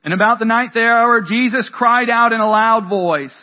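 Young male preacher, high-pitched and conversational, muffled lo-fi capture. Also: moderate pace, few pauses. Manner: conversational preaching with dramatic emphasis. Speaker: pastor. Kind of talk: sermon. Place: room with a congregation. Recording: dull lo-fi sound.

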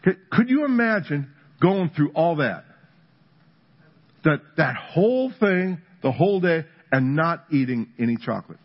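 A pastor with a husky, slightly rough voice delivers a casual, story-driven sermon, acting out little scenes and quoting people along the way. The recording is dull and lo-fi, like a church sermon audio file. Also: male voice, on the high side, measured pace. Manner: storytelling with humor, builds to animated emphasis. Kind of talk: conversational sermon.

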